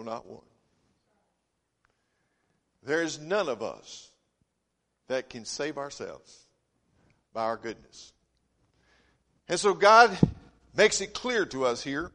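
Man preaching, high voice, folksy storyteller, long hall reverb. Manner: folksy storytelling, swinging from loud emphasis to quiet asides. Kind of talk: sermon.

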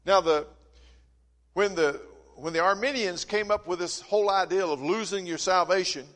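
A man preaching a sermon, telling folksy stories and swinging between loud emphasis and quiet asides. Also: high voice, moderate pace. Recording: long reverb of a church hall.

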